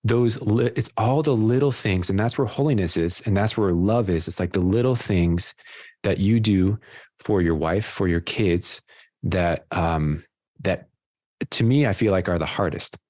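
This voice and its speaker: A man with a very deep voice talks in a rambling, self-deprecating way, often pausing and restarting his sentences. The sound is dry and close, with no room echo. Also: darkish tone. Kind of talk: casual radio talk.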